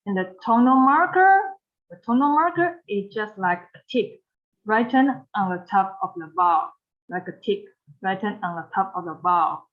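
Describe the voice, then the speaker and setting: A woman with a Mandarin Chinese accent teaching pronunciation, speaking slowly, repeating phrases and modeling tones for learners to repeat. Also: mid-range voice, animated, muffled recording. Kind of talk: pronunciation lesson.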